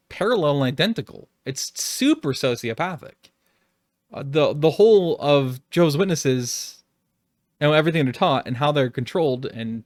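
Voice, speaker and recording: A man's voice: mid-range voice, no room sound, clean studio sound. A man who makes online videos, talking through an unscripted, rambling reflection with frequent swearing and exasperated outbursts. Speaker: YouTube creator.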